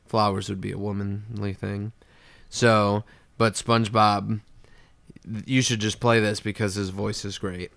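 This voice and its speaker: A man co-hosting a podcast, casually retelling a cartoon episode with animated play-by-play. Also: on the low side, unhurried, vocal fry, no echo. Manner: animated storyteller, acts out lines, laughs. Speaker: podcast co-host recapping a cartoon. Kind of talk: casual chat.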